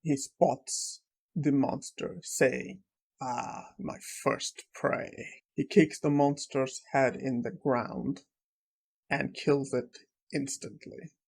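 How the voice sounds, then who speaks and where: A man narrating a comic recap in a plain, unhurried retelling style. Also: medium pitch, fairly even intonation, gravelly, darkish tone, husky.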